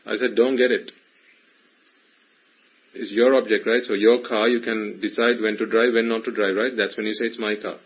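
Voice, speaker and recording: A man's voice: fairly low pitch, flat delivery, moderate pace, breathy edge, dull audio. A man giving a Buddhist teaching to a small group, questioning his listeners in a playful, probing way. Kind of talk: Dhamma talk to a small group.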